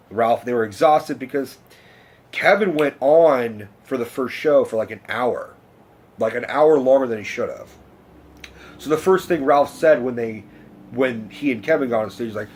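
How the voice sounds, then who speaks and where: A young man, telling a story in a casual, rambling, profane rant to camera. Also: medium pitch. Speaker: vlogger.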